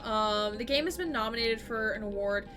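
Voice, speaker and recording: Over music, a woman live-streams a game and chats casually with viewers at a normal speed, her voice on the high side. She's chatty and rambling, laughs easily, and leans heavily on "like."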